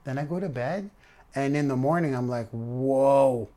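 A man's voice: mid-range voice, a little fast, dark tone. A man hosting a live stream, giving a rambling motivational talk on earning money, emphatic and often repeating his phrases. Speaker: online business coach hosting a live stream.

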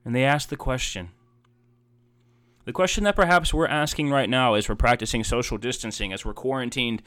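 A man's voice: mid-range voice, fairly quick, fairly bright tone, dry recording. A man preaching a heartfelt sermon as a pastor, earnest and emotional, building emphasis through repeated phrases.

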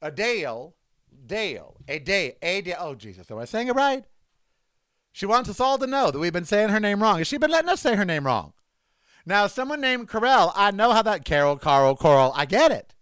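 A man's voice: high-pitched, very animated, fairly quick, a bit bright, clean tone, no room sound. A man hosting a comedic rant monologue, sarcastic and mocking as he riffs at length. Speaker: host.

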